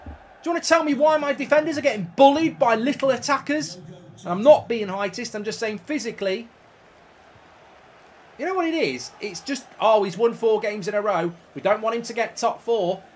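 A man's voice: very high voice, moderate pace, breathy edge. A man streaming a football video game, ranting and swearing at the match and answering his viewers' chat. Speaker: gaming streamer. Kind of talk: live game commentary.

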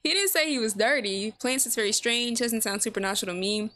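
A woman's voice: on the high side, a little fast, a bit bright. A woman hosting a let's play, chatting casually with viewers and laughing often. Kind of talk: casual gameplay commentary. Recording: game music behind.

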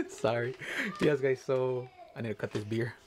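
A man chats loosely to his viewers as he sketches, rambling from one thought to the next. He keeps giggling and apologizing, relaxed and cheerful in a home setting. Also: medium pitch, unhurried. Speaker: artist and content creator. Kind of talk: casual chat to camera while drawing.

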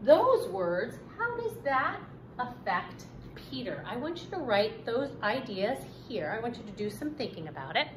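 A woman teaching a recorded fourth grade reading lesson, speaking slowly and emphatically and encouraging her students. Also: on the high side, very animated, a little hiss or hum, low-quality recording.

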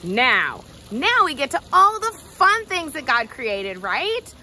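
Lively high-voiced woman teaching preschoolers. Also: slow, slight background noise. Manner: animated, calls out to children and a puppet dog. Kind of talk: children's Bible lesson.

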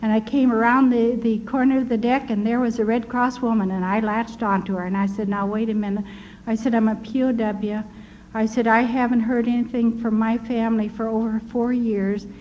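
An older woman giving her personal testimony as a story, quoting the people she met and laughing softly now and then. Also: a little high, flat delivery, brisk. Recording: dull lo-fi recording with faint hiss.

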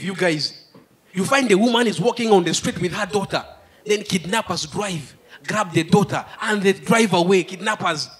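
A male stand-up comedian telling a story on stage, lively, with sudden exclamations. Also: sits high, husky. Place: live comedy show stage.

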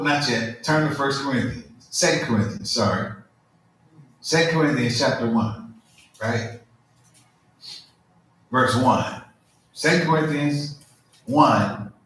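A man preaching a conversational sermon, informal and animated, full of asides and "you feel me?". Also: medium pitch, slow, long pauses. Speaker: pastor. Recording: very echoey room, mic far off.

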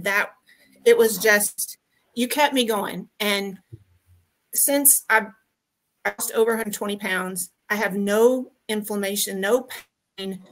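A woman's voice: mid-range voice, a bit bright. A woman from Texas calling in to a podcast over video, giving a heartfelt, grateful testimonial with many ums and restarts. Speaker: guest caller.

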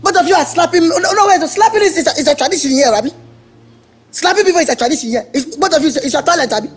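A taunting Nigerian electrician. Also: male voice, very high voice, expressive, racing, soft background music, low-quality recording. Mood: indignant. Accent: Nigerian English. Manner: mocking, indignant, stammering repetitions. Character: brash young male electrician, taunting and touchy. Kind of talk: film acting.

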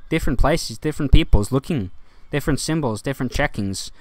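A man rambling in a monologue to his viewers, ranting and swinging from loud to quiet. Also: medium pitch, animated, a little fast, no echo. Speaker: vlogger.

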